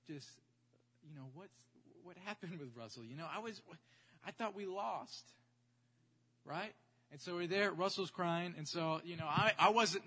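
A man preaching, telling a testimony story in an animated, chatty way and checking in with his audience. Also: on the high side. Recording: echoey hall.

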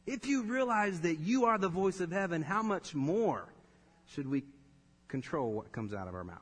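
A man in his thirties preaching a sermon, telling a personal story with laughter and animated delivery. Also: sits high, moderate pace, husky. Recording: long reverb of a large hall.

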